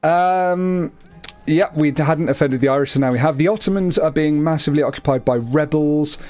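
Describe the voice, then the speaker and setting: A man's voice: fairly high pitch, moderate pace, darkish tone. A young man casually chatting through a co-op strategy game, chatty and self-amused. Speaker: game commentator. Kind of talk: casual co-op gameplay chat.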